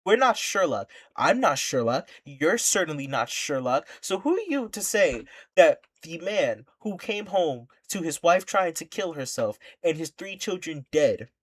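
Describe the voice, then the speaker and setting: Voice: mid-range voice, big pitch swings, measured pace, hardly any pauses. Brief: streamer, mid-register voice, angry reaction rant with repeated emphatic lines. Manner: indignant, impassioned ranting; rhetorical questions, repeats for emphasis.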